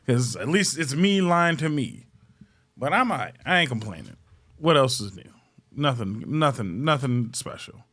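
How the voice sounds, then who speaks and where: A man's voice: mid-range voice, big pitch swings, a little slow, pushed and bright, breathy edge. A man hosting a comedy podcast, chatting loosely and ranting with profanity and jokes. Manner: loose, profane, joking rants. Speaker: podcast host. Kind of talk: casual comedic podcast chat.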